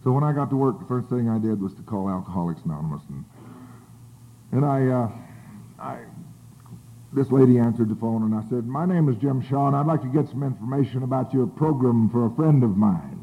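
An older man shares his recovery story with a group, his medium-pitched voice lively and fairly quick. The account rambles, packed with fillers and restarts, and the audio is tinny, like a phone.

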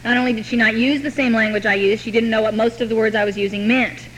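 A woman telling her own recovery story to a meeting, with wry, deadpan humor. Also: a little high, fast, a little hiss or hum, rough recording. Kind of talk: personal recovery story told to an audience.

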